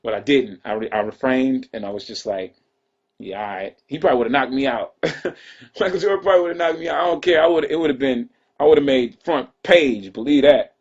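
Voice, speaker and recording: A man's voice: mid-range voice, fairly quick. A man casually telling a long personal story as an interview guest, laid-back and peppered with "you know what I'm saying.". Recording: dull lo-fi audio.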